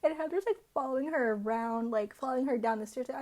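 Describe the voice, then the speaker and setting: A woman's voice: high-pitched, fast talker, a little mellow. A woman hosting a casual reality TV recap, talking in a chatty way full of "like" and "um". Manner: chatty, peppered with "like" and "um".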